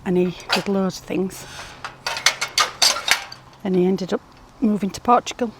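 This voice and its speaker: A woman's voice: medium pitch, steady tone, unhurried. A woman chatting casually to her phone camera as she goes about her allotment and home, talking fondly to her chickens and pets. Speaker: allotment vlogger. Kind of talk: casual vlog chat. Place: outdoors at an allotment and around home. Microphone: phone held in hand. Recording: noisy outdoor phone recording.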